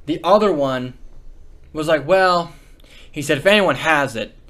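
Profane, animated young man storytelling. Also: on the high side, unhurried. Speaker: podcast co-host. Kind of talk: casual chat.

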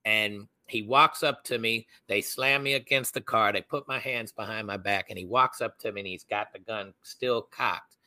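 Young guy on a podcast telling a story, acts out quotes loud, bright voice, dry sound. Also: on the low side, fairly even intonation, normal speed, dry recording. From United States. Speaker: podcast co-host. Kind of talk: storytelling in casual chat.

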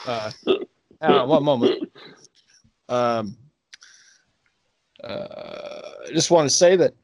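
A man doing an impression of a male politician as a phone psychic, in a put-on Southern US accent, halting and stumbling over his words. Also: medium pitch, a little mellow, highs cut off, a little hiss or hum, close to an everyday voice. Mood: mock-solemn.

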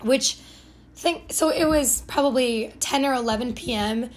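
On her podcast, a young woman from Ohio rambles through a casual story at her own expense, full of "like" and self-corrections. Her voice is on the high side and her delivery a little slow.

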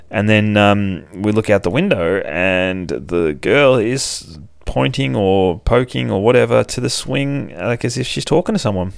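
A man's voice: fairly low pitch, moderate pace, creaky, clear, resonant tone, no echo. A man hosting a podcast, casually recapping a comic book in a rambling, profane way, with lots of fillers. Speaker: podcast host.

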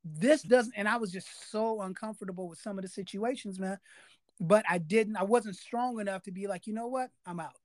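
A man's voice: high-pitched, moderate pace, dry recording. A man hosting a podcast interview, talking emphatically in a casual way and repeating key phrases for weight. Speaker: podcast host.

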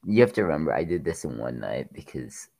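A young man in casual podcast chat, opinionated and quick to argue back. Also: very deep voice, sing-song, gravelly, warm tone, no echo.

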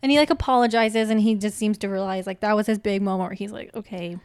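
Young woman podcaster retelling a film plot, smooth clear voice, dead dry room. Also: mid-range voice, steady tone, fast, darkish tone, no room sound. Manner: chatty, retells plot with quoted lines, laughs often. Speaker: podcast co-host. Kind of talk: casual film recap chat.

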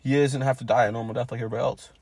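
A man's voice: mid-range voice, fairly even intonation, racing, darkish tone, breathy edge, no echo. A man co-hosting a casual wrestling podcast, recapping matches blow by blow with many fillers. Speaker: podcast co-host.

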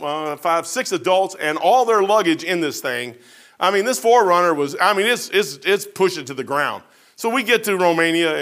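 A middle-aged man preaching in a folksy, animated way, telling a long personal story to his congregation. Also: on the high side. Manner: animated, folksy storyteller with Southern-style grammar.

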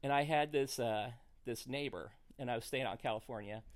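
A middle-aged man spins a comic story for a podcast, lively and quick to laugh at his own punchlines. His voice sits at an ordinary middle pitch, unhurried in the setup and livelier as the story builds. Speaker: comedian guest.

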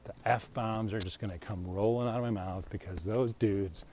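With a lowish, a little mellow voice and fairly even intonation, a middle-aged vlogger talks at normal speed while walking outdoors. Holding a handheld mic, he rambles and rants opinionatedly, laughing often, with slight background noise behind him.

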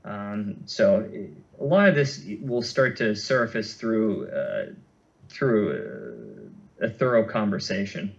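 A man's voice: on the low side, sing-song, takes it slowly, gravelly. Man explaining, muffled lo-fi audio. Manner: thoughtful, many fillers and restarts. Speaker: running injury clinician, guest. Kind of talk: conversational expert explanation.

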